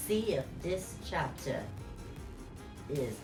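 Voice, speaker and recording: A woman, a drag performer, co-reading a fanfic with playful, teasing, drawn-out delivery. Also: sits low, expressive. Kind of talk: comic dramatic reading of a fanfic. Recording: echoey room with clear music behind.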